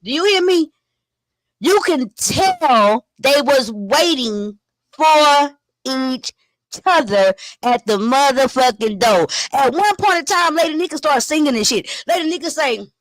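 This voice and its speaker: A high-pitched woman hosts a YouTube commentary live stream, chattering loosely and with animation at a measured pace. She swears freely and retells online drama with theatrical flair, punctuated by gasps and laughs. The recording is dry and close, with little sense of room.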